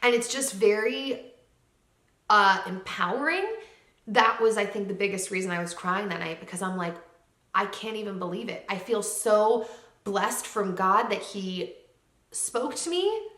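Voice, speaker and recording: Bright-voiced woman chatting in an echoey room. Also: medium pitch, a little slow. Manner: chatty and heartfelt, many likes and ums. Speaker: lifestyle vlogger. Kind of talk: casual chat to camera. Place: home room with hard floors. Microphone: camera mic.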